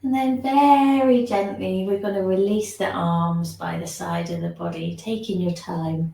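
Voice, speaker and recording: A woman leads a gentle online movement class in a slow, mellow voice. Her instructions are soft and soothing, broken by the odd yawn. The room around her sounds echoey. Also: medium pitch, creaky. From England. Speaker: shiatsu and movement teacher.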